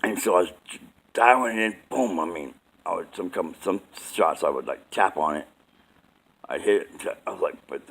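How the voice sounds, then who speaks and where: Low-voiced man rambling through a story. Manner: rambling, repeats himself, says "man" often. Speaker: vlogger telling a story. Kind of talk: casual storytelling to camera. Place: at home at bedtime.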